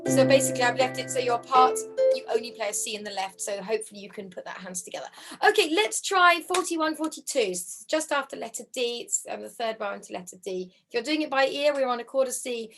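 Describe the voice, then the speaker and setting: High-voiced woman teaching harp ensemble. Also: animated, fast talker. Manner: friendly, encouraging, counts aloud and hums parts. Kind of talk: online music lesson, counting beats. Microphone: video call. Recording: harp music under the voice.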